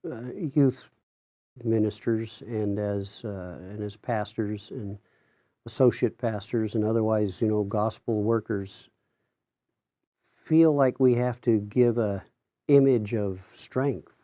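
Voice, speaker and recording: A man, a minister, speaking haltingly with many restarts in a conversational discussion. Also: lowish voice, steady tone, warm tone, no echo.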